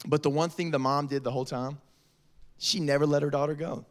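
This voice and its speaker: Speaking a little fast in a fairly high pitch, this youth pastor delivers a sermon to middle schoolers. His storytelling is lively, and he addresses the crowd as "y'all."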